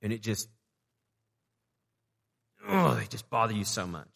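A man's voice: lowish voice, big pitch swings, measured pace, gravelly, fairly bright tone, long reverb tail. A man preaching a sermon as a pastor, talking conversationally, asking the audience rhetorical questions and repeating words as he restarts.

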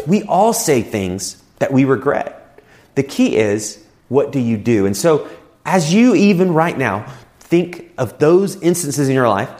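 Animated conversational male preacher. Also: a little high. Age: adult with children. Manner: conversational, personal storytelling. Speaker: pastor. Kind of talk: sermon.

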